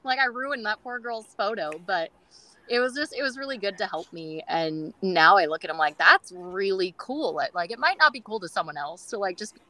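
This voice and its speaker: A woman's voice: mid-range voice, animated, brisk, pushed and bright, dry recording, low-quality recording. A woman guest on a groomers' podcast, telling stories in a chatty way with many fillers and acting out quoted dialogue. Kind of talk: casual storytelling interview.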